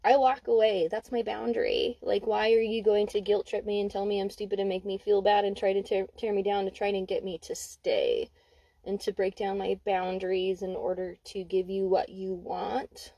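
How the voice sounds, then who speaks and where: Young woman, casual card reading, candid and emphatic, soft mellow tone, dog barking nearby. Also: mid-range voice, moderate pace, gravelly, no echo, low-quality recording. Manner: candid, swears freely, emphatic. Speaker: intuitive card reader.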